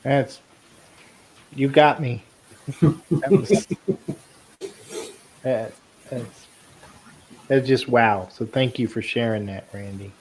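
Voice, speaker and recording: A man hosting an interview, slow and soft-spoken as he reacts and asks a question. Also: mid-range voice, slight background noise, poor audio. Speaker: host. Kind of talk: interview host.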